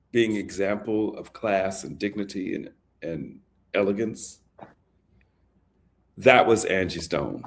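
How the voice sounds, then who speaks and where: Animated male songwriter telling a story. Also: on the low side. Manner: animated, recites lyrics softly. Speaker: songwriter guest. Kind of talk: storytelling interview.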